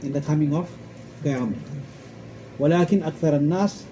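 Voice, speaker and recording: Emphatic man preaching, dark voice. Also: fairly high pitch, moderate pace, a little hiss or hum, poor audio. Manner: emphatic, repeats points, quotes Arabic verses; asks rhetorical questions. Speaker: Islamic scholar giving a talk. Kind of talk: religious lecture.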